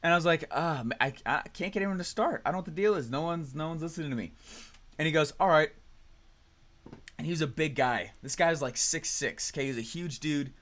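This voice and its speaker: Male trainer, 30s, upbeat storyteller, pitched a touch high, keeps tagging lines with "right?". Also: fast talker, fairly bright tone. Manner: high energy, storytelling, frequent "right?" and "okay?". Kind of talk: energetic motivational training talk.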